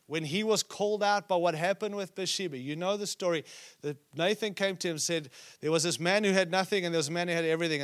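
A man preaching a sermon at a conference, acting out scripture quotes and dropping to a hush at times. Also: sits high, clean tone. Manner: preaching with sudden drops to a hushed voice; acts out quoted speech from scripture stories. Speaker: conference speaker. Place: conference hall.

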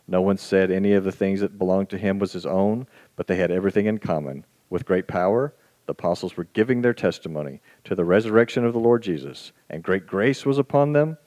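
A male pastor preaching a sermon in a fairly low voice. He talks in a folksy, self-deprecating way and slows down for scripture. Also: lively intonation, darkish tone. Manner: slow, deliberate scripture reading.

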